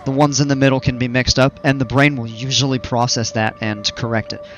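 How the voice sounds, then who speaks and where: A man's voice: mid-range voice, little pitch movement, fairly quick, a bit bright, highs cut off, soft background music. A man streaming a park-building game, chatting casually with viewers and rambling off on tangents. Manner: rambling, chatty, explains at length. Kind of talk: casual livestream chat while playing.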